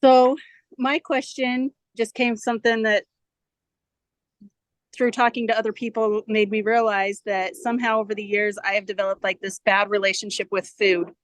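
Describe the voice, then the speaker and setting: Flat-toned woman guest, dry mic. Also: mid-range voice, moderate pace, no echo, low-quality recording. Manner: explaining a personal problem plainly, some hesitation. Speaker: podcast guest asking for coaching. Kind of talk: casual conversation.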